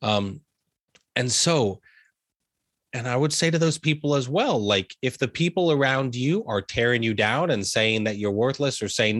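A man's voice: mid-range voice, lively intonation, measured pace, a bit bright, no echo, clean studio sound. A young man from the USA, a realtor guest talking earnestly in an interview and getting emotional about family. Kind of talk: heartfelt interview conversation.

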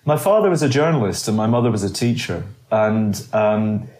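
A man's voice: fairly low pitch, lively intonation, normal speed, a little mellow. A man in his sixties, raised in Scotland, giving long storytelling answers as an interview guest, with wry asides. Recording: roomy echo.

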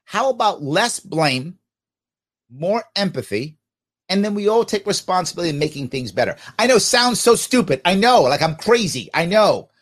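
A man's voice: high-pitched, sing-song, normal speed. A man hosting a podcast, giving emphatic, opinionated commentary on listener comments with sarcastic asides.

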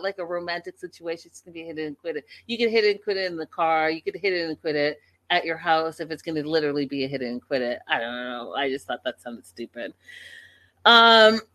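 A woman hosting a casual livestream, recapping a reality show and chatting with her viewers in an opinionated, animated way. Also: fairly low pitch.

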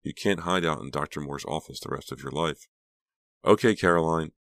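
A man's voice: a bass voice, brisk, creaky, fairly bright tone, dry recording, clean studio sound, exaggerated voice. A man reading an audiobook, voicing an anxious, troubled teenage girl who sounds tense and breathless. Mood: uneasy. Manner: tense, pleading, breathless at times.

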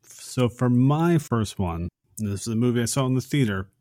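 A man's voice: mid-range voice, lively intonation, moderate pace, warm tone, no echo, studio quality. A man co-hosting a casual podcast, summarizing a film in a friendly way. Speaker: podcast co-host.

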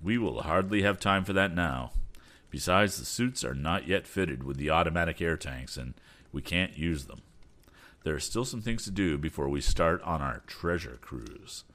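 A man voicing a calm, measured elderly inventor father in a storybook reading. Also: deep voice. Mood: sober. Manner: measured, sober.

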